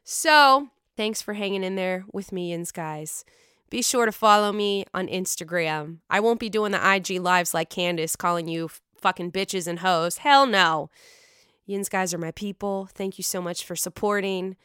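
Excitable Pittsburgh woman podcasting while sick. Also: mid-range voice, normal speed, smooth, dry recording, studio quality. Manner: excitable, profane, chatty. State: sick, voice lower than usual. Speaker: podcast host. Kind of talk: casual chat.

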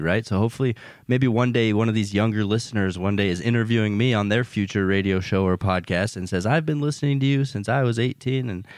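A young man with a fairly low voice co-hosts a sports podcast. He talks in an easygoing, wry way, whether chatting or reading an ad. The recording is dry and close. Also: dry recording. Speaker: podcast co-host. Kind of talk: casual podcast chat and ad read.

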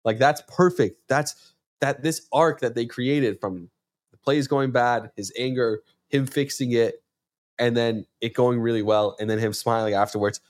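A man hosting a sports podcast, talking casually and with passion, acting out quotes with sudden leaps in pitch. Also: unhurried, no echo, studio quality. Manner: animated, acts out quotes with sudden jumps in pitch.

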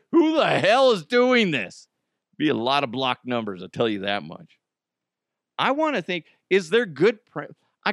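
A man hosting a podcast, talking loosely and jokily with lots of lift and drop in his pitch. He drifts in and out of goofy put-on voices. The sound is dry and close. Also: dry recording. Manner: joking, animated, puts on silly voices. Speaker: podcast host. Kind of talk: casual comedic chat.

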